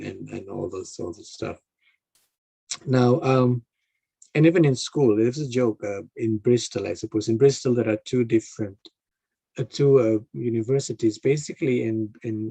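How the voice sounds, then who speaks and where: A man's voice: on the low side, vocal fry, dark tone, husky, no echo. A man giving an online talk to a club, speaking hesitantly with many fillers and restarts over a video call. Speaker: guest speaker.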